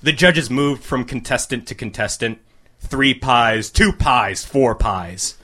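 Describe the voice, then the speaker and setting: A man reading a crude comic short story aloud to a live audience, with a deadpan delivery. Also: mid-range voice, takes it slowly.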